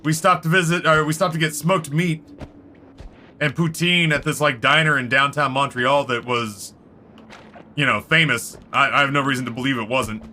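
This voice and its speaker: A man's voice: medium pitch, normal speed, a little hiss or hum. A man streaming a game, telling rambling stories in a casual, swearing way. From Canada. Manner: rambling, swearing, animated quoted voices. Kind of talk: casual storytelling while gaming. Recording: faint music behind.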